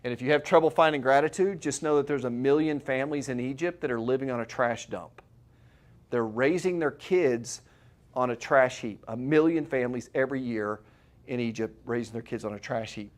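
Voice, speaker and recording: A man's voice: mid-range voice, fairly quick. A middle-aged man, a chiropractor, giving a live seminar talk to an audience in a room, conversational and full of rhetorical questions.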